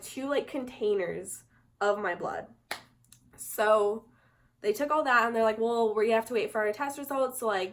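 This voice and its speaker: A young woman telling a personal story in a casual, chatty way, filling nearly every phrase with "like". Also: fairly high pitch. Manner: chatty, says "like" constantly. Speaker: vlogger.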